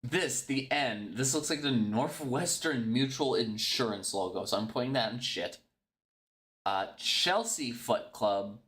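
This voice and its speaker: A man casually thinking aloud as he ranks logos, blunt, mocking and quick to swear. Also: mid-range voice, fairly bright tone. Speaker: streamer ranking football club logos. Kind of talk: casual solo commentary.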